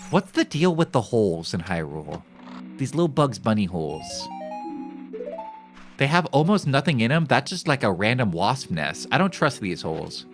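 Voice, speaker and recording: A man streaming a game live, talking casually to his chat. His pitch jumps up and down a lot as he jokes, and he often makes fun of himself. Faint music plays behind him. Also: moderate pace. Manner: animated, joking, talks to chat; self-mocking.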